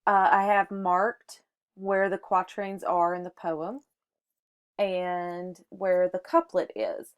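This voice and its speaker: A woman's voice: lowish voice, steady tone, slow pace, smooth. A woman teaching a short lesson on poetry, explaining step by step with some fillers and restarts. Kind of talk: microteaching lesson on sonnets.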